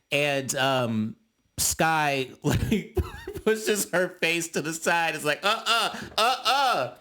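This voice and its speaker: Sassy young guy reviewing reality tv, a bit high-voiced, dramatic. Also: fairly bright tone. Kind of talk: casual commentary recap.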